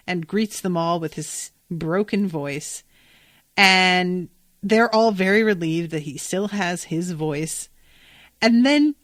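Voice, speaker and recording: A chatty woman podcast host talks through an episode recap in a loose, casual way, swearing and filling gaps with "like" and "um." She speaks at an everyday pitch in a dry, close recording. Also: no room sound. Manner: chatty, swears, many fillers.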